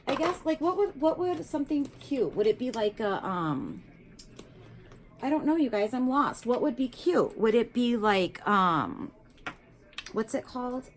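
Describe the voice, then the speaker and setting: While putting on makeup, a woman vlogger with a slightly high voice tells an animated story, voicing the people she quotes. She leans heavily on fillers like "like" and "you guys," and there's a little hiss or hum in the recording.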